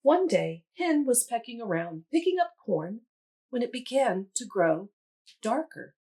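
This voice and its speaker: A woman museum educator reading a children's storybook aloud in an animated, teacherly way. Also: fairly high pitch, unhurried, breathy edge.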